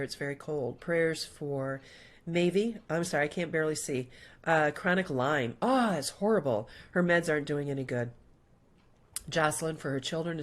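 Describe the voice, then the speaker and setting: A middle-aged woman with a notably low voice hosts a casual livestream. She reads viewer comments and prayer requests aloud, chatty and loose, with plenty of ums and uhs. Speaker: host.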